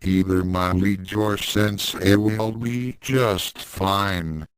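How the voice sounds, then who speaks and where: A man's voice: lowish voice, steady tone, extremely slow, slight background noise. A man reading the part of a sultry, teasing demonic woman teacher in a storybook.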